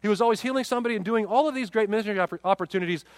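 A man's voice: high-pitched, rapid-fire, dry recording, clean studio sound. A man in his forties, a pastor preaching a sermon, often repeating words as he goes. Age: 40s.

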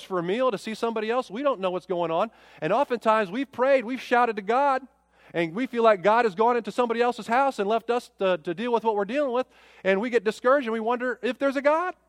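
A middle-aged man preaching with a high voice, driving home his points with rhetorical questions that swell and drop. His voice comes across dry and close, with a long reverb tail from a large hall behind it. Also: quick pace. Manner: impassioned, rising and falling preaching with rhetorical questions. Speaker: pastor. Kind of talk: sermon.

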